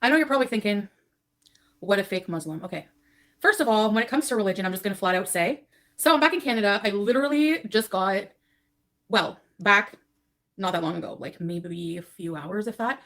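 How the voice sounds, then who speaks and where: A woman's voice: mid-range voice, fairly quick, fairly bright tone. A woman on a livestream, talking in a scattered, confessional, rambling way.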